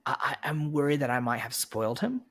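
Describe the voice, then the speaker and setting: A young adult man appearing as a podcast guest, sharing animated, joking anecdotes in casual chat. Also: medium pitch, a little fast.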